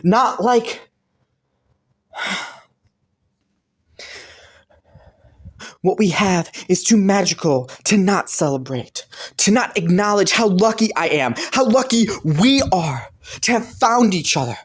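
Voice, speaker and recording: A man voicing Killua as a devoted young boyfriend in a romantic listener role-play audio, talking softly with many sighs and little laughs. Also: high voice, sing-song, a little slow, exaggerated voice. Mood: earnest. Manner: soft, sighing, breathy little laughs. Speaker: voice actor.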